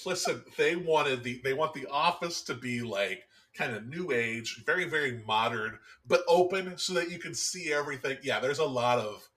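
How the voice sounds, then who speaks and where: A man hosting a movie podcast, chatty and quick to laugh. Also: medium pitch, fairly bright tone. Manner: chatty, laughs often, many fillers. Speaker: podcast host. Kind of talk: casual movie discussion.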